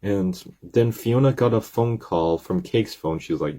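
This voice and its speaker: Man, casual rambling recap delivery, mellow and slightly husky tone. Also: lowish voice, a little slow. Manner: rambling, excitable retelling with many restarts. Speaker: video recap creator.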